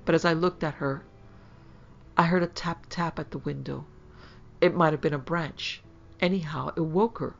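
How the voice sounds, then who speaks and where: A woman reading a horror story aloud, voicing a nervous, frightened wife who speaks in a hushed, anxious way. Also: low voice, steady tone, normal speed, vocal fry, pauses often. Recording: slightly dull lo-fi sound.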